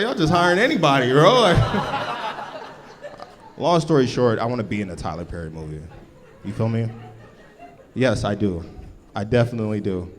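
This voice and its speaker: A man from Los Angeles doing a stand-up comedy set before a live audience, with a laid-back, punchy delivery and slangy asides. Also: medium pitch.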